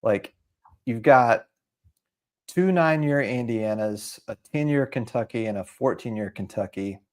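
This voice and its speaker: Guest, man from Houston, eager casual talker, mid pitch. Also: a little slow, a little mellow. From Houston area, United States. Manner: enthusiastic, explains bottles with many fillers. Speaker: guest whiskey collector. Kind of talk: casual livestream chat.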